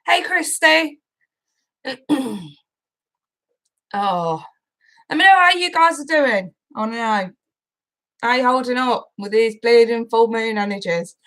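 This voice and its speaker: A woman's voice: a little high, expressive, slow pace, pauses often, fairly bright tone, low-quality recording. A woman, a tarot reader hosting a live stream in a casual chat, greeting viewers by name, swearing freely and emotional, laughing through it. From United Kingdom.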